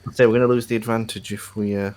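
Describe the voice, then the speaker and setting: A man playing a tabletop game, chatting quickly and jokingly in and out of character. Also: lowish voice, flat delivery, a little mellow. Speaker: player. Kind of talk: casual tabletop game play.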